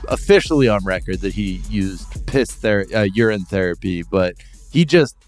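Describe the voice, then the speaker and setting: A man hosting a casual comedy podcast, sounding tired and low-key in deadpan banter. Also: normal speed, soft background music. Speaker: podcast host.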